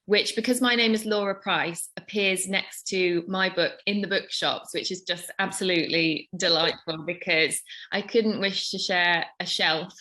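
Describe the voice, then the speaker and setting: Author, female, lower voice, reads her own fiction expressively. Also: normal speed. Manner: expressive reading, voicing characters. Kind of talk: reading from her own novel.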